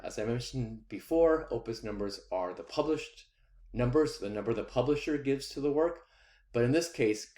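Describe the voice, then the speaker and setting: A man giving a recorded music lesson, explaining rhythm patiently and counting beats out loud. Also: on the low side, reverberant. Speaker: music teacher.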